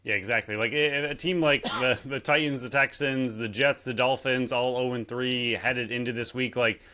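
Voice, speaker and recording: Bright-voiced, agreeable male co-host. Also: mid-range voice, moderate pace. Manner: agreeable, animated, incredulous asides. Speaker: podcast co-host. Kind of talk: casual sports podcast chat.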